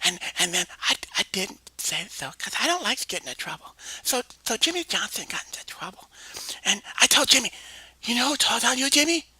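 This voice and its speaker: A woman's voice: fairly high pitch, sing-song, a little fast, bright, forceful tone, husky, full character voice. A woman voicing a naive, chattering eight-year-old girl who rambles breathily through her story with stammered restarts, often half-whispering. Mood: childish chatter. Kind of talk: comedic one-woman voice sketch.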